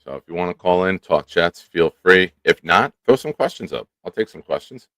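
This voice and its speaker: A man hosting a casual live stream, animated and chatting with viewers by name. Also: sits low, moderate pace, dry recording. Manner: animated, talks to chat by name. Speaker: show host. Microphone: studio microphone.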